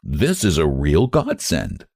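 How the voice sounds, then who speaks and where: A man reading aloud voices a kind, thrifty older woman who speaks gently and coaxingly, and turns defiant when pressed. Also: rumbling low, wildly swooping pitch, slow, vocal fry, husky, no echo, clean studio sound, heavily acted. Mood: earnest.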